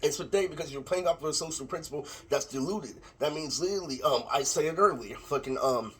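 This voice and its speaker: A vlogger rants to camera in a rambling, profane monologue, leaning on the same filler word over and over. His voice is fairly high, fast, and edged with breathiness, picked up by a laptop microphone.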